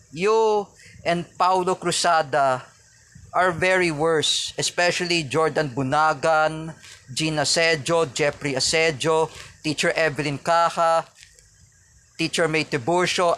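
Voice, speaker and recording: A man's voice: fairly high pitch, fairly even intonation, a bit bright. A man with a Filipino accent, a vlogger ranting angrily and repetitively at a rival, stressed and insulting. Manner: angry, repetitive, insulting rant with frequent pauses. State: stressed and angry. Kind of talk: angry ranting vlog.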